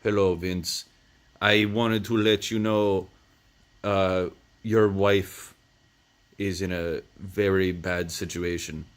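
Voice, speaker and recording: A man with a low voice putting on a creepy foreign villain who speaks slowly and formally, retelling a movie scene. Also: level tone. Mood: menacing. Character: creepy foreign male villain, cold, menacing.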